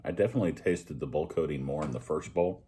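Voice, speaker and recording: A man's voice: rumbling low, quick pace. A man casually chatting as he reviews a pipe, rambling and joking at his own expense while he smokes. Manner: relaxed, rambling, joking at himself. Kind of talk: casual vlog chat.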